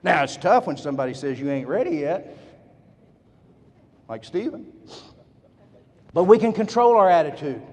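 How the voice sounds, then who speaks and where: A middle-aged man giving an energetic motivational speech, telling folksy stories and drawing call-and-response from the audience. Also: a little high, normal speed, long pauses. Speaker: motivational speaker. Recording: long hall reverb.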